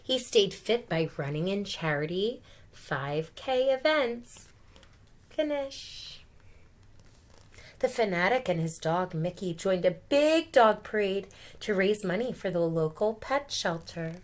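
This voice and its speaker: A woman teacher reading a picture book aloud to children, gently pausing to explain words and ask questions. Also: medium pitch, animated.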